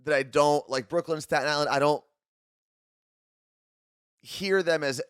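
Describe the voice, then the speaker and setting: A man's voice: fairly high pitch, fairly even intonation, measured pace, clear, resonant tone, no echo, studio quality. A man with a New Jersey accent co-hosting a radio morning show, chatting casually and often restarting his sentences.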